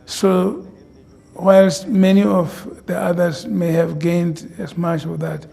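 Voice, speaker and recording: Slow, gravelly man reflecting in an interview. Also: high voice, level tone, warm tone. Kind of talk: documentary interview.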